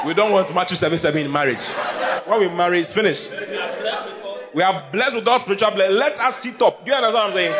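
A male pastor, preaching a humorous sermon, teasing and often shouting to his congregation. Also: high voice, fast talker, over a noisy crowd. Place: church before a live congregation. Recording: congregation noise behind the voice.

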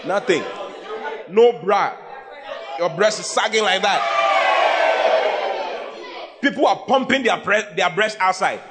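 A male pastor, preaching a humorous sermon, teasing and often shouting to his congregation. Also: sits high, takes it slowly, long pauses, over a noisy crowd. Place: church before a live congregation. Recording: congregation noise behind the voice.

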